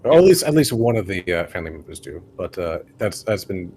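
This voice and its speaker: A man narrating as game master in a tabletop game, describing scenes slowly with fillers. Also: low-pitched, big pitch swings, darkish tone, a little hiss or hum.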